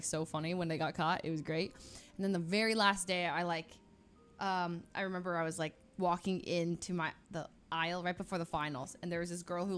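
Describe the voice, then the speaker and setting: A woman's voice: medium pitch, a bit bright. A young woman from Northern California, a streamer telling a long personal story in a casual, rambling way with lots of fillers.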